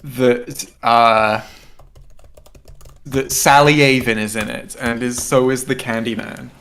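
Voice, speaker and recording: A man's voice: mid-range voice, fairly even intonation, takes it slowly, creaky, fairly bright tone, smooth. A man co-hosting a casual writing session, thinking aloud eagerly with many fillers and restarts. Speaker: co-writer and co-host. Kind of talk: casual brainstorming chat.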